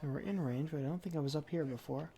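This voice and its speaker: A woman with a deep voice streams a game live and commentates quickly over a noisy background. She talks to the characters in a made-up drawling accent full of folksy slang, sounding impatient and swearing.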